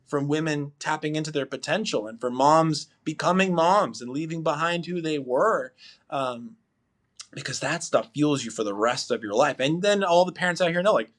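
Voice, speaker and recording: A man with a slightly higher voice tells a long personal story in relaxed podcast chat. He rambles, restarts and fills with "like" and "you know", and his telling is animated. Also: moderate pace. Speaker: podcast guest, husband.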